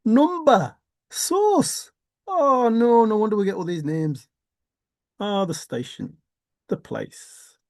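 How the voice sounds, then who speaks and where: A man's voice: high-pitched, sing-song, slow, dry recording, studio quality. A man talking through a rambling vlog monologue, musing aloud, swearing casually and laughing to himself. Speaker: vlogger.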